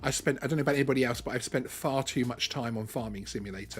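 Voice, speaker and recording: A man's voice: medium pitch, fast. A man hosting a live stream, talking casually with many ums and restarts. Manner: chatty, lots of ums and restarts.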